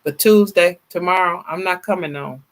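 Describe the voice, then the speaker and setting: A tired, worn-out woman in her 50s hosts a casual livestream, reading viewer comments and chatting. Her voice is lowish and her pace normal. She's chatty and animated, laughs often and calls her viewers "y'all."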